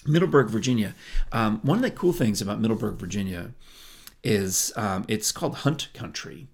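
A man's voice: on the low side, lively intonation, moderate pace, gravelly, husky. A man co-hosting a podcast, chatting casually and wandering into side stories. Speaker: podcast co-host. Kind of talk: casual chat.

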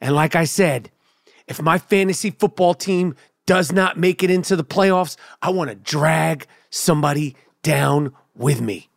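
A man's voice: on the high side, a little slow, gravelly, no echo, clean studio sound. A man hosting a podcast, telling a rambling, profane, comedic story in casual chat. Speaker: podcast host.

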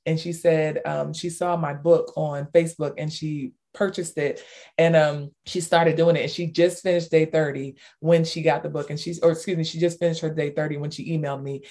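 A woman author as an interview guest, telling stories with lots of fillers and bursts of excitement. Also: deep voice, normal speed. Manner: animated storyteller, many fillers, squeals in retold cheers. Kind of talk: casual interview talk.

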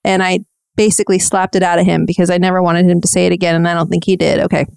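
A woman in her thirties hosting a podcast, telling a story in a chatty, self-deprecating way with a soft-spoken voice. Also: lowish voice, little pitch movement, rapid-fire, creaky, smooth, no echo. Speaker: podcast host. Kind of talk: casual storytelling recap.

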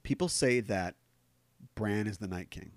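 A man co-hosting a casual podcast chat, joking around and leaping up in pitch for emphasis. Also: unhurried, dry recording. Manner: animated, joking, pitch swings upward for emphasis. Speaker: podcast co-host.

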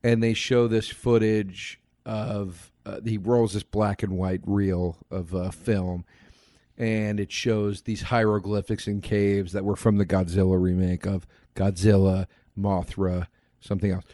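A man's voice: lowish voice, level tone, unhurried, mellow. A man co-hosting a casual movie review podcast, retelling scenes at length with lots of filler words. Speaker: podcast co-host.

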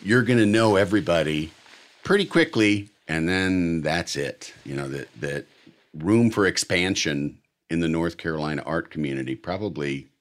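A man, an actor, chatting casually and telling animated stories about his travels and work. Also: low voice, moderate pace. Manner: animated storyteller, does playful voices. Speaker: actor guest in conversation. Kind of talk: casual chat.

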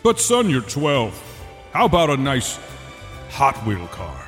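A man's voice: mid-range voice, huge pitch swings. Man playing a foul-mouthed, worn-out mall Santa. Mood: rambling. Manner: slow, drawn-out delivery with sudden profane asides. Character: crude, tired male mall Santa. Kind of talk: improvised comedy role-play. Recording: echoey, with faint music behind.

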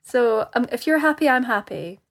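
A woman co-hosting a podcast in loose, casual chat. She teases her partner and tosses off quick, playful quips and laughs. Her voice sits a touch higher than most women's. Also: expressive. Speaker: podcast co-host.

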